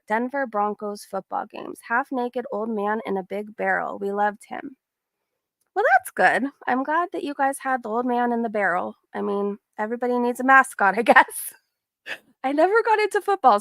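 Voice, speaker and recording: A woman's voice: on the high side, gravelly, fairly bright tone, no echo, clean studio sound. A woman casually commenting on clips and reading chat messages aloud on a live stream, often breaking into giggles.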